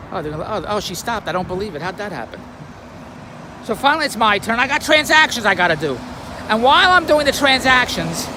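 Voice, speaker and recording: A man with a very high voice tells a rambling everyday story in a grumbling, self-amused way, his pitch bouncing up and down as he goes. He sits in a car by a busy street, and traffic noise comes through clearly behind him. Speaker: vlogger.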